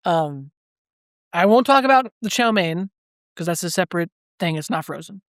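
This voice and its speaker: This podcast co-host rambles through his stories in loose, casual chat, leaning heavily on "like." His voice sits high and fairly bright, at normal speed, and the studio sound is clean with no room sound.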